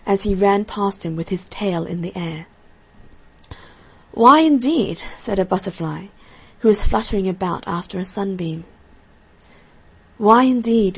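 A woman narrates a fairy tale in a soft, measured voice. Her storybook reading is calm and even, a little quieter than the lines she acts out. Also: on the low side, husky.

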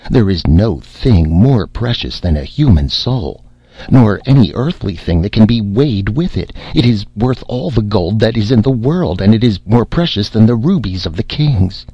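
A man's voice: fairly low pitch, slightly rough, no echo, lo-fi sound, exaggerated voice. A man voicing a stern, zealous old priest who rebukes in thundering archaic speech.

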